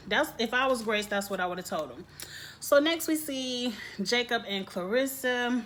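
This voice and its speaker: A woman giving a casual, opinionated vlog review of a TV episode, with animated asides. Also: fairly high pitch, a little slow, a little hiss or hum. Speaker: TV show reviewer. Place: home, grass being mowed outside.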